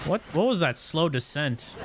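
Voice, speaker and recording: A man's voice: fairly high pitch, lively intonation, normal speed, very noisy. Crude, rambling male game streamer. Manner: crude joking, repeats words when rambling. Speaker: gaming streamer. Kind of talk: live game commentary.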